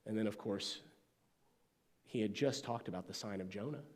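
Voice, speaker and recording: A man preaching a sermon as pastor, with emphatic phrasing that sometimes drops to a soft, hushed tone. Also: on the low side, moderate pace. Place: church sanctuary. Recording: long church reverb.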